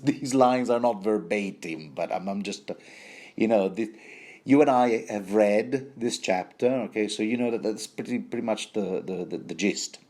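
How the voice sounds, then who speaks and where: A man's voice: lowish voice, moderate pace, darkish tone. A man giving a rambling, playful book commentary, full of fillers, restarts and self-corrections.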